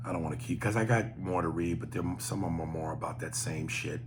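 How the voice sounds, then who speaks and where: A man's voice: low voice, steady tone, fast, few pauses, noisy background. A man hosting a podcast, reading listener emails aloud with profane, joking commentary. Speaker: podcast host.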